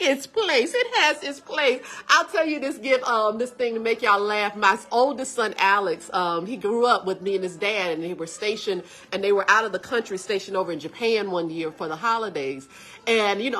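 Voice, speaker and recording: Middle-aged woman, church livestream co-host: animated, laughing, bright and forceful tone. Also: on the high side. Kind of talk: casual chat reading viewer comments.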